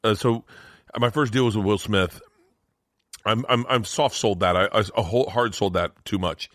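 A middle-aged man with a low voice tells a rambling story in casual chat, jumping into the voices of the people in it. The sound is dry and close, with no room around it. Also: moderate pace, dry recording. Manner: animated storyteller, acts out quotes in raised voices. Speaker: guest comedian.

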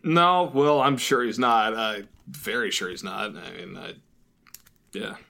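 A man's voice: fairly low pitch, measured pace, vocal fry, sharp tone. A man co-hosting a sports podcast, rambling and self-deprecating, laughing often at himself. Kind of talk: casual sports chat.

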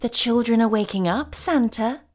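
Woman voicing a male demon of malice, taunting, jeering, drawn-out, storybook villain. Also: on the high side, soft background music, voice pushed up, close to an everyday voice. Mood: gloating. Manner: jeering, gloating.

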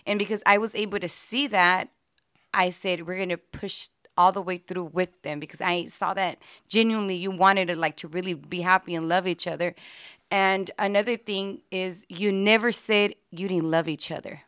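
A woman's voice: mid-range voice, fairly even intonation, moderate pace, fairly bright tone, smooth, no echo, studio quality. A woman, a pastor and marriage mentor, speaking sincerely and steadily in a casual conversation.

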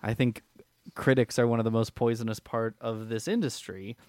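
A man's voice: mid-range voice, flat delivery, moderate pace, a little mellow, dry recording. A man co-hosting a musical theatre podcast, talking in an opinionated, self-critical way in casual chat. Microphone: remote call.

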